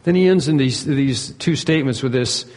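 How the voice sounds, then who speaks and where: A man preaching a sermon, emphatic, rising to loud peaks and dropping to hushed asides. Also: medium pitch, moderate pace, long reverb tail. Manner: emphatic, swings between soaring and hushed. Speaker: pastor.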